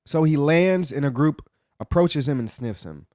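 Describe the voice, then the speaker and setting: A man's voice: fairly high pitch, animated, normal speed, dark tone, no room sound, studio quality. A man retelling a story in casual commentary, swearing a lot and rambling with frequent restarts.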